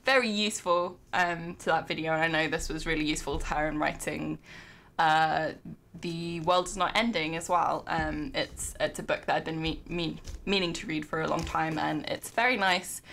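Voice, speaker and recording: A woman's voice: low-pitched, fairly even intonation, moderate pace, vocal fry, fairly bright tone, a little hiss or hum. A young adult woman on a home livestream, chatting casually with lots of ums and restarts, then reading a nonfiction book aloud into a desk mic. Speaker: streamer. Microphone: desk microphone.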